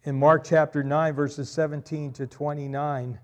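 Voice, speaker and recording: A male pastor preaching a sermon, swelling loud on key phrases and dropping quiet after them. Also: on the high side, level tone, unhurried.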